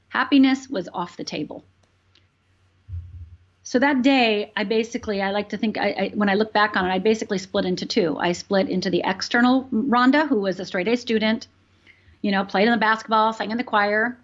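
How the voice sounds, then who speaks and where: A woman's voice: fairly high pitch, normal speed. A woman who grew up in Upper Michigan, a life coach telling her own story as an interview guest, earnest and emphatic, repeating phrases for weight. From Upper Michigan, USA. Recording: dull lo-fi sound.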